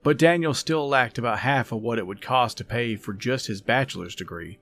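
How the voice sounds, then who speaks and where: A man hosting a podcast, reading a story aloud in a calm, measured, soft-spoken way. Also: medium pitch, faint music behind. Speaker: podcast host and story reader. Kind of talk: scripted story narration.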